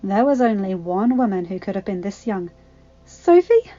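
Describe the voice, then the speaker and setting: A woman reading a fan fiction story aloud in a calm, even manner. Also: mid-range voice, fairly quick, dull audio, soft background music. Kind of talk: audiobook narration.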